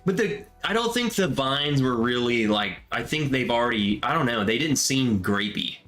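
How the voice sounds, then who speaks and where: A man's voice: medium pitch, lively intonation, moderate pace, fairly bright tone, soft background music. A man hosting a casual livestream chat, joking, reading comments aloud and talking over his co-host.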